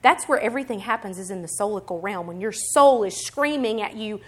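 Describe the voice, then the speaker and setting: A woman preaching a sermon in an animated, emphatic way, swinging between quiet explanation and loud, rising declarations. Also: medium pitch, fairly quick, few pauses. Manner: acts out other people's voices in quotes.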